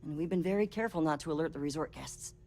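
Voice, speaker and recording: An actress playing a polite, officious resort receptionist in video game dialogue. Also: female voice, low-pitched, rapid-fire, a little mellow. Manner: prim and gatekeeping.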